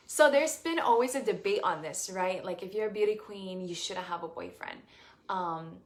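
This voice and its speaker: A woman's voice: mid-range voice, lively intonation, normal speed. A young woman from Puerto Rico, a beauty queen answering fan questions in a casual live stream, effusive and grateful, with many fillers and restarts.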